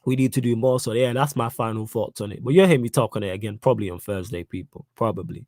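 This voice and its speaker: A man's voice: mid-range voice, fast, a little mellow, no room sound. A young man hosting a live football podcast, reading chat questions in a slangy, emphatic way and repeating his points. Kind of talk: casual live-stream chat.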